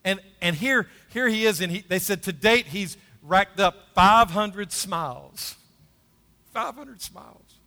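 Bright-voiced male pastor preaching. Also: high voice, takes it slowly, long reverb tail. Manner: emphatic, repeats key phrases, asks the congregation for responses. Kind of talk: sermon.

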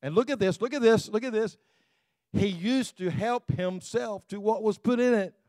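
A male pastor delivering a sermon in a loose, chatty manner, scattering "you know" through his sentences. His voice sits fairly high for a man and sounds dry and close, with no room echo. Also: a little mellow. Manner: conversational, full of "you know" and quick laughs.

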